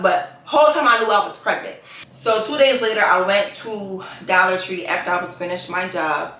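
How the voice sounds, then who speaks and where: A woman's voice: medium pitch, moderate pace. Chatty woman vlogger in an echoey room. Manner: chatty and animated, with slangy asides. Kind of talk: casual storytelling vlog.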